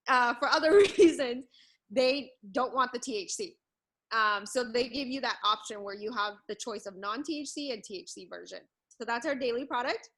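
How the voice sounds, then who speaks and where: A woman's voice: a little high, sharp tone, poor audio. A woman in her thirties giving an upbeat product presentation over a video call, breaking into short laughs as she talks. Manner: upbeat, laughs between words.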